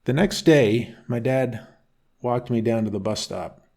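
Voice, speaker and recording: A man narrating a first-person bedtime story in a calm, unhurried reading voice. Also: mid-range voice, creaky.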